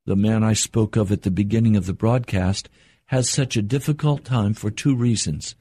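Husky-voiced older man preaching. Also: fairly low pitch, dark tone, no room sound. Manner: earnest, measured preaching with slow emphatic pauses. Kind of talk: sermon.

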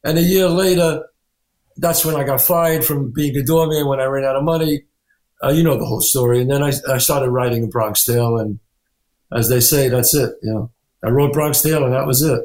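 A man, an actor and writer, telling animated anecdotes in an interview, acting out the people he quotes. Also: medium pitch, a little fast, echoey room. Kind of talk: storytelling interview.

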